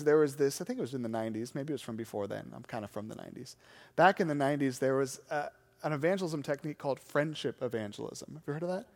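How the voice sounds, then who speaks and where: High-voiced man preaching in a reverberant hall. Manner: animated, self-deprecating storytelling. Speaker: pastor. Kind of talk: sermon storytelling.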